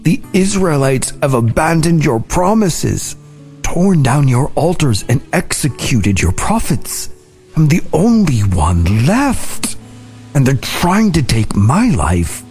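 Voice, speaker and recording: A man's voice: on the high side, very animated, slow, darkish tone, soft background music, pitched above the performer's own voice, exaggerated voice. A man voicing a weary, despairing male prophet, pleading in a raised voice.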